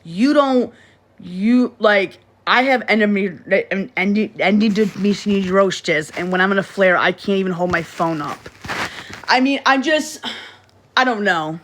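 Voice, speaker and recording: A woman's voice: medium pitch, a little slow, a little hiss or hum. A woman casually chatting on a phone livestream, rambling and repeating herself, blunt and often swearing. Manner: rambling and repetitive, frequent restarts. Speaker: livestream host.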